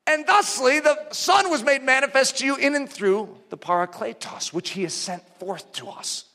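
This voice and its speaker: Male preacher, animated and emphatic, sharp bright tone, long hall reverb. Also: very high-pitched, normal speed. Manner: animated, emphatic, conversational teaching. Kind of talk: sermon.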